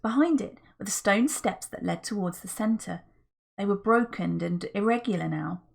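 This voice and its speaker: A woman's voice: medium pitch, expressive, moderate pace, creaky. A woman reading a children's adventure book aloud as a narrator, telling the story expressively. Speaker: audiobook reader.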